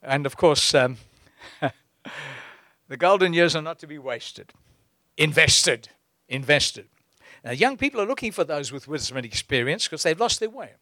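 Male preacher, lively and fairly high-voiced, dry close recording. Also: moderate pace, dry recording. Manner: animated, exhorting preaching with chuckles. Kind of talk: sermon.

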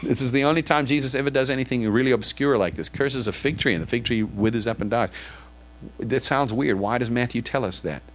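A pastor with a mid-range, slightly bright voice preaches briskly to his church congregation. In his sermon he reads scripture aloud, then poses probing questions about it.

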